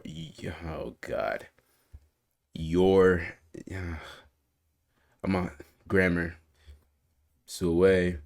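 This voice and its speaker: A man's voice: low voice, a little mellow. A man reacting to videos on a stream, reading messages aloud with frequent laughs and swearing. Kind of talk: casual reaction commentary.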